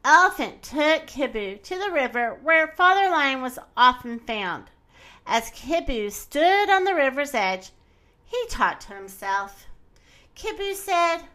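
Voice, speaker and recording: A woman reading a children's storybook aloud in an expressive, animated way. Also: high-pitched, unhurried.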